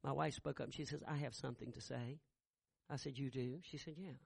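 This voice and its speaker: A middle-aged man preaching a sermon, telling a family story and building to loud shouted peaks. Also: medium pitch, fairly even intonation, brisk, vocal fry, breathy edge, no room sound. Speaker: pastor.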